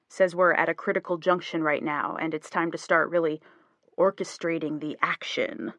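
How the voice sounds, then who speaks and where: A woman's voice: low voice, fairly even intonation, normal speed, fairly bright tone, no room sound. A woman reading the lines of a playful young husband in an audiobook, joking and teasing. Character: easygoing playful young husband, rock musician.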